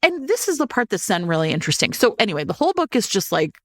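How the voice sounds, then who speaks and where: A woman co-hosting a casual chat podcast, retelling a book in a lively way and acting out the characters' lines. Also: medium pitch, quick pace, no echo, clean studio sound. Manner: lively storyteller who acts out characters' lines. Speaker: podcast co-host. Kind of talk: casual chat about books.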